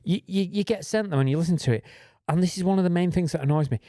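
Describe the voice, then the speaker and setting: A man's voice: high voice, fast, dark tone, no room sound, clean studio sound. A British man co-hosting a casual podcast as a mix engineer, talking animatedly, swearing freely and mimicking instrument sounds. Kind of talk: casual chat.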